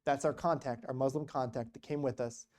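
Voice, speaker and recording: A man with a mellow, warm voice tells mission stories at a church gathering. He talks casually and restarts his sentences often. The delivery is relaxed and conversational. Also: medium pitch, a little fast. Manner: casual, animated storytelling with many restarts. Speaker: guest speaker on mission work. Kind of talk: storytelling church talk.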